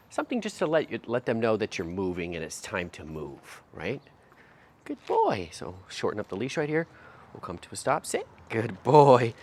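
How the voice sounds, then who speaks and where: A man working as a dog trainer, explaining each step aloud outdoors while he drills a puppy, sometimes lifting into high sing-song praise. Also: slight background noise.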